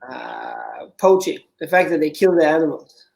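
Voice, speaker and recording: A man's voice: on the high side, normal speed, gravelly, darkish tone, poor audio. A man from Denmark with a Danish accent, a dance coach and judge being interviewed, giving short answers and turning reflective when he opens up. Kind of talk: casual interview.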